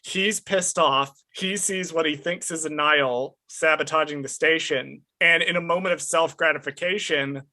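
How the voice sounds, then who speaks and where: A man's voice: a little high, normal speed, hardly any pauses, bright, forceful tone. A man discussing analytically and bluntly on a casual podcast, swearing casually. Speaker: podcast host.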